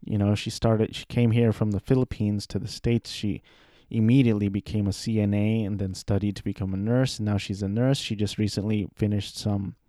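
A man in his thirties talking casually about his life, rambling and self-deprecating, with halting restarts. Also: lowish voice, dark tone, no echo, studio quality. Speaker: aspiring voice actor. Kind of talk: casual personal monologue.

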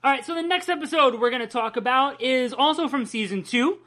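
A woman's voice: sits high, brisk, a bit bright. A woman co-hosting a podcast, casually and enthusiastically recapping a cartoon episode, swearing freely. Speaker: podcast co-host.

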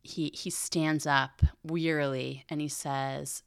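Earnest woman host with a deep, gravelly voice, explains things conversationally. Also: level tone, a little slow, hardly any pauses, no echo, studio quality. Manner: earnest, retells a film scene to explain a point; thinks aloud with frequent restarts and asides. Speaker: Catholic podcast host. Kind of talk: conversational teaching reflection.

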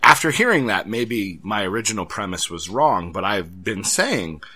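A tired man co-hosting a podcast, musing in a measured way with frequent restarts. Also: lowish voice, big pitch swings, pushed and bright, slightly rough. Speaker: podcast co-host. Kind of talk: casual chat.

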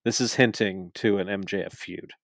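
A man with a lowish voice recaps the show in loose, excitable chat, swearing freely and laughing along. The sound is dry and close, with little room around it. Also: moderate pace, dry recording. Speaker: podcast co-host. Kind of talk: casual wrestling recap chat.

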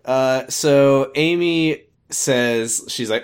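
A man of middle pitch trades sarcastic remarks in a casual recap chat. He reads scenes aloud and slips into quick mock quotes of the characters. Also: lively intonation, a bit bright. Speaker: podcast co-host.

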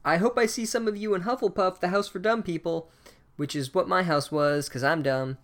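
A man's voice: high voice, fairly even intonation, normal speed, fairly bright tone, pitched above the performer's own voice. A cheerful, dim-witted ghost, as a man puts him on pipes up in a raised, self-mocking voice. He sounds chirpy and a little silly. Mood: cheery.

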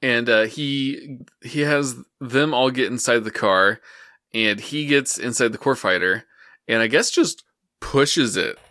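A man's voice: medium pitch, measured pace. Laid-back man recounting a plot. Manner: steady storytelling with many "and, uh" fillers. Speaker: podcast co-host. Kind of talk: casual chat.

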